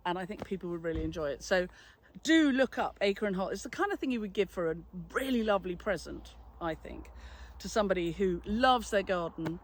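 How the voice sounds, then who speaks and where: A cheerful woman chats through her favourite new garden gear in a casual, upbeat way. She talks warmly and easily as a flower farmer and florist, breaking into laughter often. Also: mid-range voice, slight background noise. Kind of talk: casual product review.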